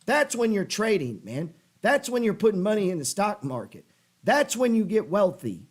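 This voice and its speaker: A man's voice: high-pitched, very animated, moderate pace. A middle-aged man hosting a trading show, ranting in a fired-up, pushy way and swearing freely as he works himself up. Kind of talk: profane motivational rant.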